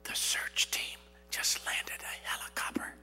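A man voicing a mischievous small child who answers only in a hushed, breathy whisper. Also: measured pace, big-room sound, faint music behind. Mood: sly whisper.

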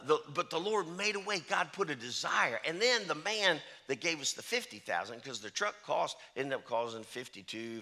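A man's voice: medium pitch, bright, forceful tone. A middle-aged man, a traveling preacher, telling folksy stories in a sermon and often repeating "I said" and "he said". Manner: chatty, storytelling, repeats "I said" and "he said".

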